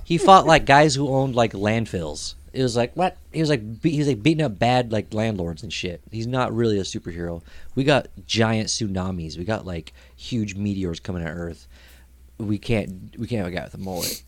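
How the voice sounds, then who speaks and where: A young man co-hosting a casual podcast chat, telling stories with loud, lively outbursts. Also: fairly low pitch, moderate pace. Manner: animated storyteller, loud outbursts when acting out scenes. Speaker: podcast co-host.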